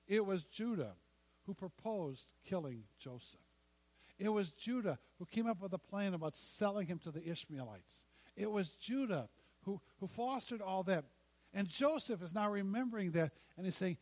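A man preaches with a voice that sits a little high for a man. He acts out quoted lines dramatically, using repetition and long pauses. The sound is dry and close, with no room echo. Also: lively intonation, darkish tone. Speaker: pastor. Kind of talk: sermon.

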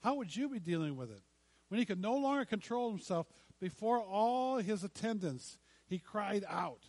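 A man preaches with a voice that sits a little high for a man. He acts out quoted lines dramatically, using repetition and long pauses. The sound is dry and close, with no room echo. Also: expressive, a little mellow. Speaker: pastor. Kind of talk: sermon.

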